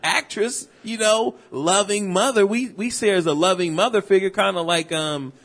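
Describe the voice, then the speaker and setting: A man co-hosting a podcast, telling stories in loose, animated casual chat full of slang and swearing. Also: high-pitched, moderate pace. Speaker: podcast co-host.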